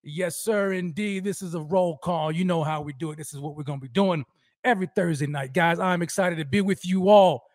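A man hosting a fan livestream, energetically shouting out viewers by name and talking about how fired up he is. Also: on the high side, a little fast, dry recording, clean studio sound. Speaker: host of a fan livestream show. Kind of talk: energetic live-stream roll call.

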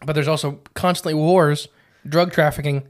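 A man's voice: on the high side, steady tone, normal speed. A man co-hosting a casual podcast, talking in a chatty, rambling way with lots of "uh" and "like". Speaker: podcast co-host.

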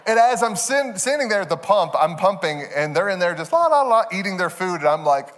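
A man's voice: high-pitched, animated, moderate pace, a bit bright. A man in his thirties preaching a sermon, telling a self-deprecating family story with a lot of animation and frequent laughter. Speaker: pastor. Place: church sanctuary. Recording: long reverb of a large hall.

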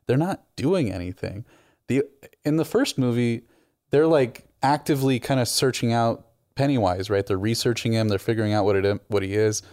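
A man co-hosting a casual movie review chat, giving opinionated, animated takes. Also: medium pitch, moderate pace, no room sound, clean studio sound. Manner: opinionated, animated, frequent restarts. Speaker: movie review podcast co-host.

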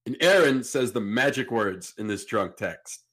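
A man's voice: mid-range voice, unhurried, slightly rough. A man hosting a podcast, telling a story in a casual way and acting out the people in it. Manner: animated, acts out the people in his story. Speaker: podcast host.

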